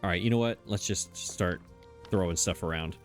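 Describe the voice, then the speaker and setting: A man's voice: low-pitched, normal speed, soft background music. A man hosting a let's play, thinking aloud in a chatty, puzzled way and poking fun at his own mistakes. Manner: self-mocking, chatty. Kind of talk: casual gameplay commentary.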